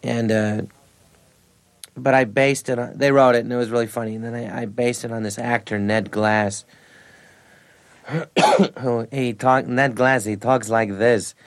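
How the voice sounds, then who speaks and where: A man's voice: mid-range voice, steady tone, a little slow, long pauses. A man, an actor and comedian, telling rambling anecdotes in a radio interview. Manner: rambling anecdotes, frequent laughs.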